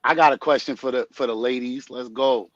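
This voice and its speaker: A man's voice: medium pitch, steady tone, brisk, muffled recording, a loud crowd. A man who is a guest on a live panel talk, asking playful, teasing questions.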